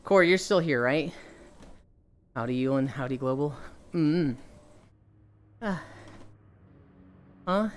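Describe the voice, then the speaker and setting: A woman's voice: sits low, takes it slowly, long pauses, slight background noise. A young woman livestreamer chatting casually and telling stories, often breaking into laughter. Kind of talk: casual chat.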